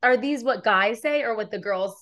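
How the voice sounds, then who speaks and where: A young woman hosting a casual podcast chat, giggly and animated, swearing freely. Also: fairly high pitch, moderate pace. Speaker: podcast host.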